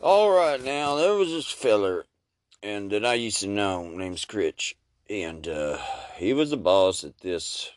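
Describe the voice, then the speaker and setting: A man's voice: fairly low pitch, no room sound, studio quality. A man telling a comic story as a rambling, crude, folksy character, full of asides. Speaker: podcast host doing a comic storyteller character.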